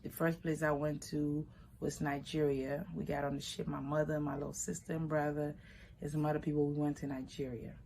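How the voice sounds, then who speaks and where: A woman from Liberia with a notably low voice tells a personal story. She speaks in an unhurried, reflective way and now and then lifts into quoted voices. Faint background noise sits under the recording.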